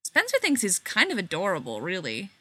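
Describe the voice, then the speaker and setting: A woman narrating a short story in an unhurried, expressive way. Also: mid-range voice, slightly rough, no echo.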